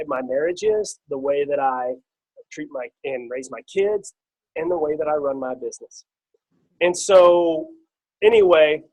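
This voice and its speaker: Brief: middle-aged man, slightly high voice, casual rambling testimony on a team call. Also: low-quality recording. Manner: casual and storytelling, with many fillers and restarts. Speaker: guest speaker on a team call. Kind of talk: personal testimony on a conference call.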